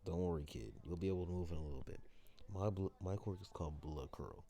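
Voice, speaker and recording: A man's voice: low voice, quick pace, warm tone. A man doing a blunt, laid-back guardian. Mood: calm. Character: gruff young man who takes in a kid.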